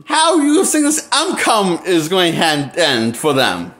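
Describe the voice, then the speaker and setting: A man in a casual movie review, talking slowly and deliberately through his disbelief. His voice sits high and leaps around in pitch as he repeats himself and breaks into nervous laughter. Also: wildly swooping pitch, fairly bright tone. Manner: repeats himself, halting restarts. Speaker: movie critic.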